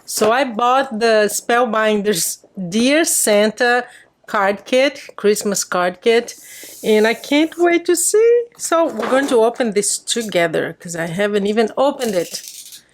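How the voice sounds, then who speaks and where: A woman speaks in an unhurried, easygoing rhythm as she unboxes craft supplies. She gushes warmly over each item in a casual, chatty way, addressing her viewers directly. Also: a little high. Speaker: crafting channel host.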